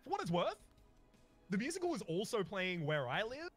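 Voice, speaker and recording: Lively, higher-voiced man. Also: normal speed, faint music behind. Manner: animated rambling storyteller. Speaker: host. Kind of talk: casual chat while gaming.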